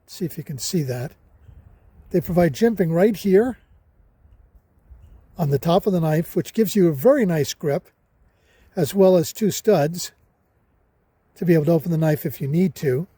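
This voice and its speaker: An older man with a high, husky voice talks about a budget knife while out on a hiking trail. He speaks casually and with emphasis, often repeating a word for stress. His tone is mellow and the sound is dry. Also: lively intonation, normal speed, long pauses, no room sound. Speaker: hiking vlogger. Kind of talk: casual outdoor gear review.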